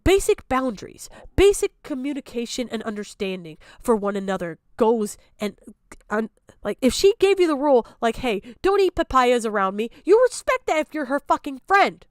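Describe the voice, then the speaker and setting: A young woman vents on her stream in a high, piercing voice, swearing freely and circling back to the same complaint. The sound is dry, with no room echo. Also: sing-song, normal speed. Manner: heated, profane, repeating her points. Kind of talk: angry reaction rant.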